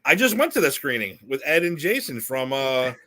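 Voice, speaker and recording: A man's voice: mid-range voice, very animated, moderate pace, pushed and bright. A man co-hosting a podcast in casual chat, rambling with frequent laughter and restarts. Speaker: podcast co-host.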